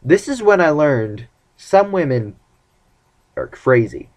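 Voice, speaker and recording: A man's voice: on the high side, very animated, slow. A young man casually telling rambling, self-mocking stories about his dating life in a vlog. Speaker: vlogger.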